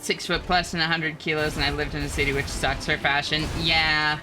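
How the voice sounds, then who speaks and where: A woman's voice: low voice, level tone, fairly quick, over music. A woman streaming a game live, chatting and laughing as she thanks and answers chat.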